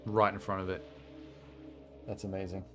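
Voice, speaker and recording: Over music, a man streams a video game with casual commentary, his low voice level in tone and his speed normal. He rambles through asides, poking fun at himself along the way.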